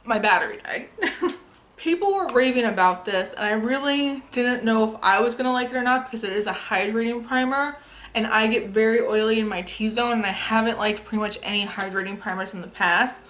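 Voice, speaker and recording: A woman's voice: fairly high pitch, brisk, a bit bright, a little hiss or hum. Chatty young woman reviewing makeup. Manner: chatty, enthusiastic, swears casually. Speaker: beauty youtuber. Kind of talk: casual haul review. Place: home filming setup.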